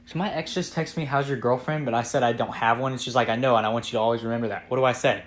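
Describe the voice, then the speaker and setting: Fast-talking man reciting jokes. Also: medium pitch, fairly even intonation. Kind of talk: quick joke recital.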